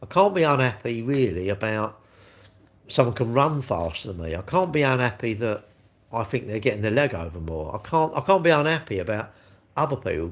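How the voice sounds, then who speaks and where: Blunt, rambling man in his sixties. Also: mid-range voice. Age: 60s. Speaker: live streamer answering chat. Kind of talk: casual live-stream chat.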